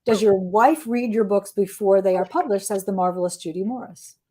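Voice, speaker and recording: A woman hosting a livestream interview with an author. She speaks enthusiastically and heaps praise. Her voice is of middle pitch. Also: brisk, dark tone, breathy edge. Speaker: host and interviewer.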